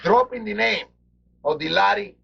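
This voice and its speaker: A man's voice: high voice, expressive, normal speed, creaky, sharp tone, slightly rough. A man doing wrestling color commentary, theatrical and grandiose in broken English. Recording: dull lo-fi TV broadcast audio.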